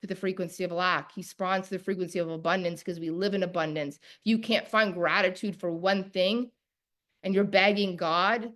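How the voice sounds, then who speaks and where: A woman's voice: fairly low pitch, steady tone, normal speed, fairly bright tone. A woman coach teaching a live online masterclass in an emphatic, preacher-like cadence, repeating key phrases and talking straight to her viewers. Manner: talks directly to viewers.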